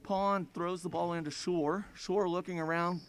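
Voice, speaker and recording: A man with a high voice calls a school basketball game play by play in a folksy, chatty way, often speaking to the fans directly. He is recorded in a school gym. Bouncing balls and court noise are clearly heard behind him. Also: steady tone, normal speed. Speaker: play-by-play announcer. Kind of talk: live basketball commentary.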